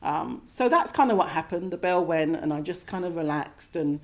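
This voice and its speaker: A woman's voice: low-pitched, normal speed. Reflective woman recounting a meditation retreat. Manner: reflective, gently animated, acts out her own inner thoughts. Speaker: speaker sharing her meditation experience. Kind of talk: personal storytelling at a meditation class. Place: meditation centre shrine room with a class.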